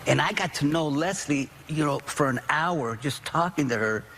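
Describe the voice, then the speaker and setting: A man's voice: a little high, normal speed, fairly bright tone, slight background noise, poor audio. A man appearing as an actor guest on a talk show, rambling in an easygoing way.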